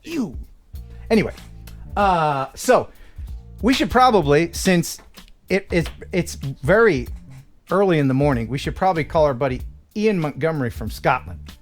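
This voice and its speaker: A man's voice: on the high side, expressive, normal speed, long pauses, faint music behind. A man hosting a live stream, chatting casually and joking, often laughing. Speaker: host.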